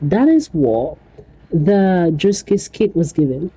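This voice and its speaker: A woman with a lowish, slow voice and a breathy edge vlogs casually to her viewers over poor audio. She's animated, exclaiming, laughing often and repeating phrases again and again as she comments to camera.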